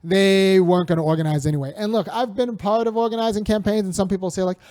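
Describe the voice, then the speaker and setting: A man's voice: high voice, steady tone, fast talker, darkish tone, no echo, clean studio sound. A man hosting a casual spoken commentary, talking in a digressive way with frequent restarts and wry laughs. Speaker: host and commentator.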